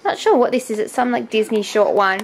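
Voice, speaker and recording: A young woman with a fairly high, brisk voice rambles casually through a makeup tutorial vlog, correcting herself as she talks. She's at home indoors, recorded by a camera on a stand nearby.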